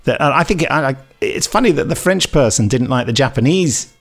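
A man's voice: medium pitch, animated, fairly quick, fairly bright tone, faint music behind. A man co-hosting a podcast in casual chat, answering listener emails with dry, teasing, opinionated asides. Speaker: podcast co-host.

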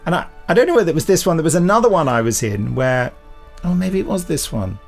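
A podcast co-host with a fairly high, creaky voice talks fast and expressively over faint background music. In casual chat, he tells anecdotes and slips in little impressions of other people.

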